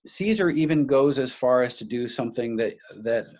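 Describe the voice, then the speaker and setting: A man's voice: mid-range voice, animated, normal speed, darkish tone. A man lecturing on history, speaking off the cuff, restarting phrases and stressing key names.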